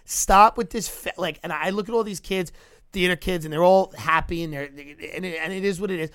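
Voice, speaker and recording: A man's voice: high-pitched, brisk, fairly bright tone, smooth, dry recording, clean studio sound. A young man, rambling through comic stories on a podcast and mocking the people he talks about. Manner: rambling storyteller, acts out tourists in mocking voices. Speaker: podcast guest. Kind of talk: casual comedic chat.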